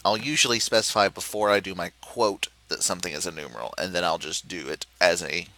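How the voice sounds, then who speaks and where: Over poor-quality audio, a man guides viewers through a puzzle game in a laid-back screen-recorded tutorial. His voice is lowish, bright and forward, and his explanations wander aloud, peppered with "uh" and self-corrections as he restarts sentences to make things clearer.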